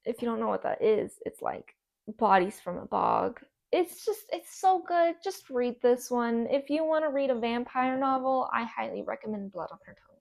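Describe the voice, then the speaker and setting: Higher-voiced enthusiastic book vlogger, woman, gravelly fry, gushes on and on. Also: lively intonation, normal speed, darkish tone. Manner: gushing, enthusiastic, repeats herself. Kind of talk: casual book recommendations.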